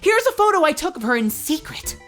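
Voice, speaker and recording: A woman's voice: high-pitched, very animated, fairly quick, music in the background, pitched above the performer's own voice. A woman voicing a brash, goofy young man who speaks with a put-on New York and surfer drawl. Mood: gushing. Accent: put-on New York and California surfer mix. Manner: loud, whiny, dude-speak.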